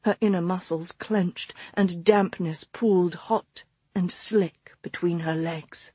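A woman narrating a romance audiobook in a soft, slow, intimate read. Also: fairly low pitch, steady tone, husky, no room sound.

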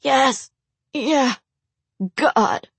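A rasping, desperate injured man voiced by a woman narrator begs and babbles in a high, strained, breathy voice. It sounds close and dry, with no room around it. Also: lively intonation, slow, dry recording, exaggerated voice. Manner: pleading, babbling, gasping.

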